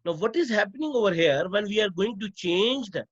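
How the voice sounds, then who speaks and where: Guy teacher going over grammar slides, slow and repetitive, high voice, kinda dull audio. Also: expressive, slightly rough. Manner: slow, repetitive explaining to students.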